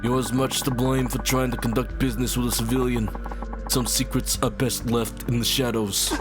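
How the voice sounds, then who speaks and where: A man voicing a calm, mysterious male crime boss who speaks in a slow, formal, commanding way. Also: medium pitch, music in the background, natural voice.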